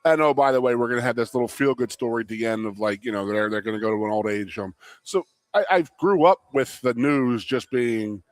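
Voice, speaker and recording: A man from the Philadelphia area, co-hosting a live talk show, telling stories in an animated way and laughing easily. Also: medium pitch, a little fast, few pauses, no echo. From Philadelphia area, USA. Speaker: co-host. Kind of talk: casual sports talk show chat. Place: restaurant.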